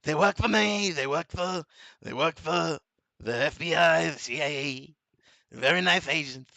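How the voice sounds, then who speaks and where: A man's voice: on the high side, unhurried, creaky, pushed and bright, no room sound, heavily acted. A man doing an impression of a boastful older male politician, pompous and repetitive.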